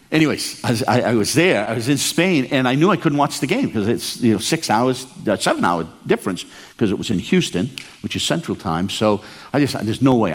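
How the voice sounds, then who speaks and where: An older man from Maine preaching a storytelling sermon, animated and acting out the dialogue. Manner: animated, acts out dialogue with big pitch swings.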